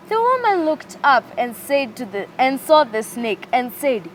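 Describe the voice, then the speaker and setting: Animated woman telling a children's story. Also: high voice, unhurried, hardly any pauses, slight background noise. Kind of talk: reading a Bible story for children.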